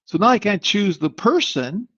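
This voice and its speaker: A man hosting a live webinar, demoing software in an upbeat, rambling sales manner. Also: sits high, very animated, moderate pace, dry recording. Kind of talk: live online product demo. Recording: slightly muffled dry audio.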